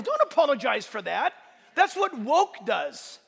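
A pastor preaching a sermon, emphatic and joking, often building to shouts. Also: male voice, extremely high pitch, very animated, a little slow, gravelly, husky, in a large hall.

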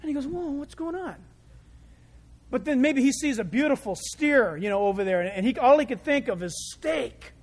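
A male preacher giving a sermon, telling the story with lively, animated delivery that swings from loud to quiet. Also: extremely high pitch, fairly quick, few pauses.

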